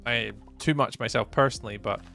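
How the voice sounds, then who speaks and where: A man's voice: mid-range voice, brisk, gravelly, bright, forceful tone, faint music behind. A Scottish man chatting casually through a live gameplay stream, greeting viewers by name as he talks. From Scotland. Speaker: livestreamer.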